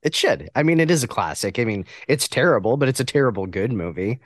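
A man's voice: mid-range voice, big pitch swings, fast, no room sound, clean studio sound. A man co-hosting a casual podcast chat, laid-back and full of short agreeing replies. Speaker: podcast co-host.

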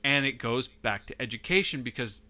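A man's voice: mid-range voice, animated, a little fast, pushed and bright. A man in casual political chat, speaking earnestly and emphatically, sometimes mocking the people he quotes.

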